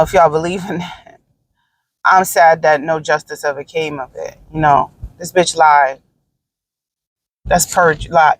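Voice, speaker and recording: A woman's voice: low-pitched, low-quality recording. A woman hosting a solo podcast, talking in a blunt, profane, opinionated way with rambling asides and frequent fillers. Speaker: podcast host. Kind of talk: casual solo podcast monologue.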